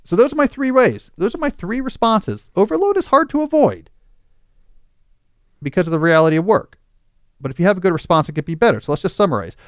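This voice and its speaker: A man's voice: sits high, big pitch swings, a little fast, dry recording, clean studio sound. A man hosting a podcast, explaining advice in a reasoned, conversational way. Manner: reasoned, conversational, acts out quoted scenarios. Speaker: podcast host.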